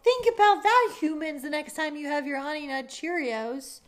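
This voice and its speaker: High-voiced playful woman podcast host. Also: lively intonation, normal speed. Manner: chatty, playful. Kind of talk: improvised comedy podcast.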